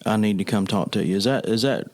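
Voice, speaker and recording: A man who pastors the church hosts the conversation, gently nudging his guest along with short questions. His voice is fairly low and conversational. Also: quick pace. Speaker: pastor and host. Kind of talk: conversational interview.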